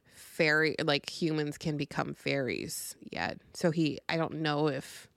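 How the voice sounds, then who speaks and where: A woman co-hosting a book podcast, talking in a relaxed, conversational way and pushing back easily. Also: low voice, unhurried, gravelly, dry recording, studio quality. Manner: relaxed, conversational, easygoing disagreement. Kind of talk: casual book discussion.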